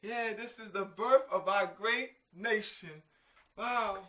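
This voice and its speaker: A man's voice: high voice, takes it slowly, pushed and bright, voice pushed up, full character voice. A man putting on the voice of a proud, cheering patriotic American, drawn out in exaggerated sing-song mockery. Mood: mocking. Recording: echoey room, mic at a distance.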